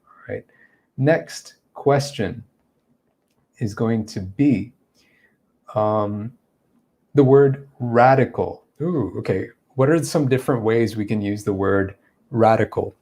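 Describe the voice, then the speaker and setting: A man's voice: lowish voice, slow pace, long pauses, dark tone. A man giving a live-streamed English lesson, explaining step by step and acting out spoken examples. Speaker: English teacher.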